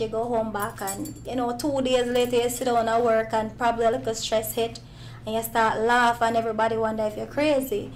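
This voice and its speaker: A woman's voice: fairly high pitch, a little hiss or hum. A woman comedian with a Jamaican accent, answering interview questions in a playful, joking way. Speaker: stand-up comedian.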